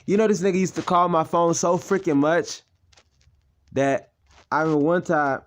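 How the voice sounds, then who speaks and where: A man's voice: a little high, moderate pace. A young man talking in a blunt, rambling, profane personal monologue as a channel host.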